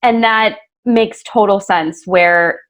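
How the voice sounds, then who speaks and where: A woman's voice: mid-range voice, slow pace. A woman hosting a podcast interview, talking in an earnest, casual way with many fillers and self-corrections. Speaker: podcast host interviewing a guest.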